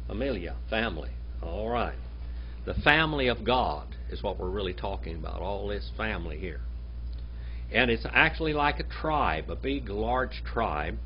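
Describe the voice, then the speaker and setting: A man teaching a Bible language class, quizzing his students and reading Hebrew words out slowly. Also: on the low side, expressive. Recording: dull lo-fi classroom recording with faint hum.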